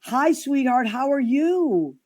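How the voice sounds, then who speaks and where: A woman's voice: high voice, lively intonation, takes it slowly, a little mellow. A woman hosting a casual chat show, gushing and affectionate with her guests. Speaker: host.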